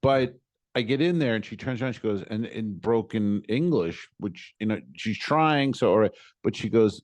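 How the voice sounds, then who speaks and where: A man with a fairly low voice tells a comedy podcast story in casual chat. He is animated and exasperated, and he voices the other people in his story as he goes. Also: normal speed. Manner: animated storyteller acting out quoted exchanges, exasperated. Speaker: podcast co-host.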